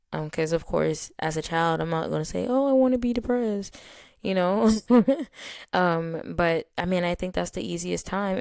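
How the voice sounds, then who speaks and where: A woman's voice: on the low side, creaky, a little mellow, clean tone, no room sound, studio quality. A young adult woman talking openly to her listeners as a podcast host, chatty and candid, with many fillers. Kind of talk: casual personal talk to listeners.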